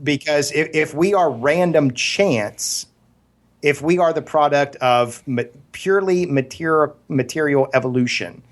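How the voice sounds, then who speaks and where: With a fairly high voice and a slightly slow delivery, this man co-hosts a casual podcast and argues earnestly. He keeps restarting his sentences and leans on ridiculous comparisons.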